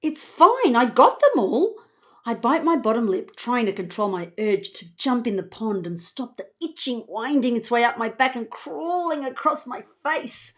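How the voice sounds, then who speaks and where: A woman author reading her children's book aloud in an expressive, playful voice. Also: a little high, normal speed, few pauses. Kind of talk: children's storybook read-aloud.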